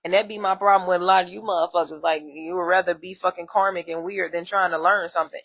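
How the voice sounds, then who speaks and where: Woman, bright sharp tone, profane, exasperated, blunt vlog rant. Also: fairly low pitch, fast talker. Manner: blunt, heavy swearing, animated and exasperated. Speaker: spiritual vlogger. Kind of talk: profane ranting monologue.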